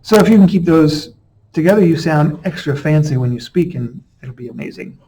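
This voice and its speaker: A man teaching a casual video lesson, relaxed and chatty, often checking in with the listener. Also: fairly high pitch, brisk, breathy edge, poor audio. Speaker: Spanish teacher.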